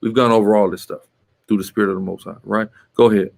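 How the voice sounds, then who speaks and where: A man's voice: lowish voice, steady tone, fast talker, vocal fry, darkish tone. A man teaching a Bible class, emphatic and scolding, often checking with "right?" and telling the reader to go on. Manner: emphatic, tags statements with "right?".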